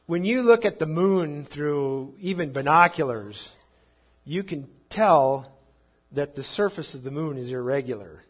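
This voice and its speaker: Guy preaching a sermon, kinda husky, goes loud then quiet, muffled lo-fi audio. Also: medium pitch. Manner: emphatic, rising and falling in volume.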